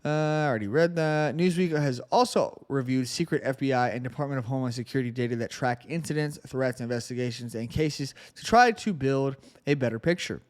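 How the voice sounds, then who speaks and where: Male podcast host, sarcastic political monologue, average pitch, reads quotes fast.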